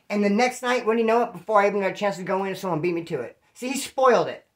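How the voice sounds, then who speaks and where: A man from California telling his own prison stories in a casual, profane, animated way and acting out what people said. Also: high-pitched, very fast, hardly any pauses. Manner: profane, animated, acts out quoted dialogue. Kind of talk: casual storytelling.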